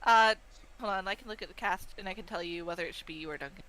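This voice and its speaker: A woman's voice: on the low side, very fast, bright, forceful tone, slight background noise, poor audio. A woman chatting casually while playing through a game with friends. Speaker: co-player.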